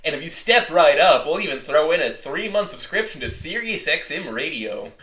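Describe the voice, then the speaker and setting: A loud, pushy used car salesman, as a man puts him on booms out his pitch like a carnival barker, reaching high. The words sound slick and eager. The room around him rings with echo. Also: lively intonation, moderate pace. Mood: salesy. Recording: echoey room.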